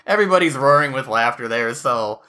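A woman's voice: a bass voice, pushed and bright. A woman hosting a casual podcast chat, telling work stories as a postal carrier, acting out coworkers' voices and laughing often. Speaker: podcast host.

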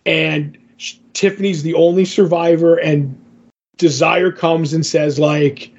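A man with a slightly high, gravelly voice casually retells a comic book story on a podcast. He rambles, linking paraphrased lines with "he's like". The audio is a bit muffled and lo-fi. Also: fairly even intonation, unhurried, a little mellow. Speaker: podcast co-host.

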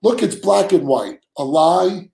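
A man's voice: high-pitched, lively intonation, a little slow, creaky, a little mellow, echoey room, low-quality recording. A man co-hosting a casual podcast chat, talking earnestly and often repeating words as he starts a sentence. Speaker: co-host.

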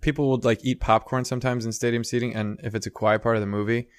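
A man's voice: mid-range voice, flat delivery, fast, clean tone, dry recording, studio quality. A man in casual chat, telling a rambling story full of "you know" and "like".

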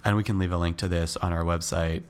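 Congested man explaining psychiatry calmly. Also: low-pitched, fast, a little hiss or hum. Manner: thoughtful, explains step by step with many fillers. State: congested with a cold. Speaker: podcast co-host teaching psychiatry. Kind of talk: casual educational chat.

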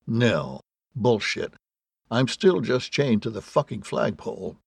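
A man voicing a wry, fatalistic man handcuffed to a flagpole, sardonic and exasperated, with a gravelly, husky voice. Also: medium pitch, lively intonation, takes it slowly, no echo, clean studio sound, heavily acted.

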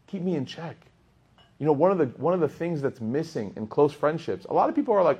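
A young man teaching a class, telling stories in a lively way that swings between loud emphasis and hushed asides. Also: on the high side, quick pace, breathy edge, muffled recording. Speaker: Islamic teacher. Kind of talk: lively class talk with storytelling.

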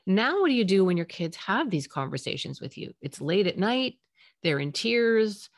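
A woman hosting a parenting podcast, talking gently and reassuringly in a solo advice episode. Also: medium pitch, big pitch swings, normal speed, no echo, clean studio sound. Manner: gentle, reassuring, acts out parent and child lines.

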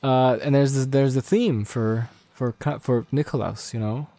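A man co-hosting a podcast in casual chat, playful and slipping into halting German. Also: medium pitch, warm tone, no room sound. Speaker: podcast co-host. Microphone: studio mic.

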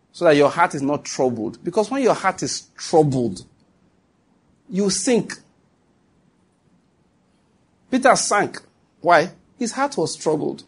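A man preaching a sermon to his congregation, emphatic and repetitive, often turning to check that his listeners follow him. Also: fairly high pitch.

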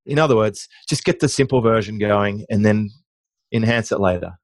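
A middle-aged man being interviewed as a guest, telling business anecdotes in a lively conversational way with frequent restarts. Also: fairly low pitch, moderate pace, dry recording. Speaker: guest, online marketing business owner.

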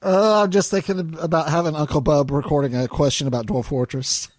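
This man, from Arkansas, co-hosts a podcast and speaks briskly in a somewhat high voice with fairly even intonation. The audio is studio quality with no echo, and his casual talk is hesitant, packed with fillers and false starts.

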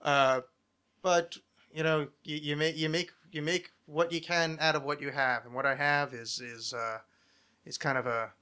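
A man's voice: fairly high pitch, fairly even intonation, moderate pace, sharp tone, smooth. A man from New Jersey hosting a podcast, with a light, not resonant voice and a rambling, jokey way of talking. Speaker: podcast host. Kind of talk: casual podcast chat.

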